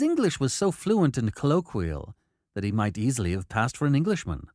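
A male audiobook narrator with a lively, rising-and-falling delivery that keeps the story moving. He does the characters' voices himself, recorded close and dry with no room sound. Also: medium pitch, fairly quick, dry recording. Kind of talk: audiobook narration of a period novel.

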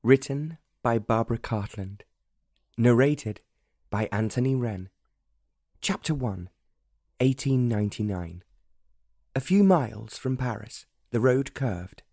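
A man narrates a historical romance audiobook with a measured, even delivery. His voice is warm and mellow, and the recording is close and very dry, with no room sound. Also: mid-range voice, dry recording. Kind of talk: scripted narration.

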